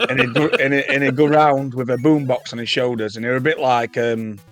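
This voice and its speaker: Man co-host, mid-pitched, quick and crude in his podcast storytelling. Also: steady tone, fairly bright tone, faint music behind. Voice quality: brisk, profane, laughing storyteller. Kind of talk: casual storytelling chat.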